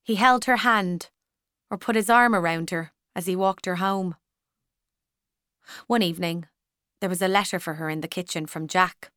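A woman narrating a storybook in a measured, even manner, close to the mic. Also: lowish voice, no echo. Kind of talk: scripted audiobook narration.

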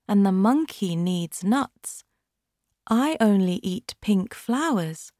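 A woman voicing a gentle, polite female giraffe in a storybook reading, speaking slowly and softly in a sad tone. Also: medium pitch, no room sound, clean studio sound.

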